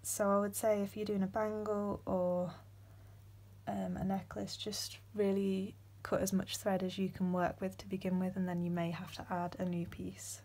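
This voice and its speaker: A young woman leads a beading tutorial one step at a time, her soft voice frequently falling to a whisper amid many ums. She speaks at normal speed with a medium pitch that barely moves.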